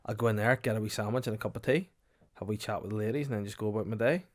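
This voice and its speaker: A middle-aged man with a Northern Irish accent, co-hosting a casual podcast chat full of quick, joking banter. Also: on the low side. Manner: quick, joking banter with bursts of put-on voices. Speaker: podcast co-host.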